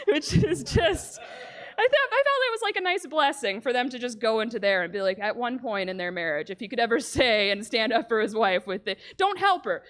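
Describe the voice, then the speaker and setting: Woman stand-up, high voice, lively storyteller who laughs at her own bits; stage mic in a club. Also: clear, resonant tone. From Calgary, Canada. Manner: animated storytelling with silly character voices, laughing. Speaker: stand-up comic. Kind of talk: stand-up comedy set.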